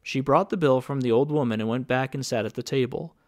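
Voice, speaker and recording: A man reading an audiobook in a steady, even scripted narration. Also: mid-range voice, a little fast.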